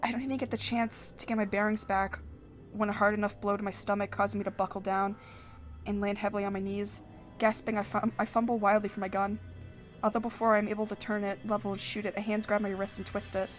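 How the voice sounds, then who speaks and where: A woman's voice: medium pitch, flat delivery, fast talker, soft background music. A woman hosting a game playthrough, reading the narration aloud with giggly, casual asides. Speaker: let's play host.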